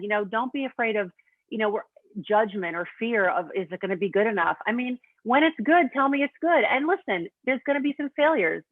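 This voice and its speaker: A woman's voice: fairly high pitch, no echo. Woman on a tinny, phone-like line. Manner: animated, acts out family dialogue. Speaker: cooking coach guest. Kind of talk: casual interview chat.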